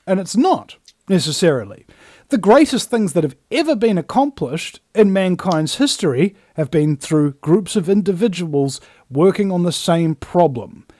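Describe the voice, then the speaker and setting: A man's voice: high-pitched, darkish tone, no room sound, clean studio sound. Fiery New man ranting. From New Zealand. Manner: emphatic and scornful, acts out other people's voices. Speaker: host. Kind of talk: ranting monologue.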